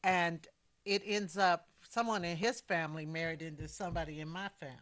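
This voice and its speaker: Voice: mid-range voice, fairly even intonation, fairly quick, a bit bright. A host from South Carolina in casual conversation with a guest. The delivery is friendly and prompting, with easy laughter and agreeable asides. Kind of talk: casual chat.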